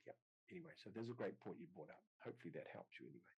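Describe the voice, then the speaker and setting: Husky low-voiced man, rambling teacher talk. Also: expressive, rapid-fire, a little mellow, poor audio. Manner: rambling, repeats words, acts out inner dialogue. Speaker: qigong teacher. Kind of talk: casual online group chat. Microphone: video call.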